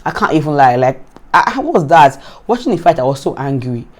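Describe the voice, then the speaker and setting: A Nigerian woman vlogger recapping a reality show in casual, animated commentary, often exasperated and repeating herself. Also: deep voice, brisk.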